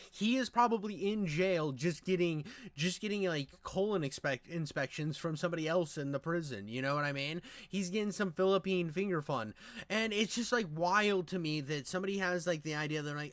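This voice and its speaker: A man's voice: on the high side, fairly bright tone, no echo. A man doing casual reaction commentary, rambling, crude and exasperated. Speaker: reaction streamer.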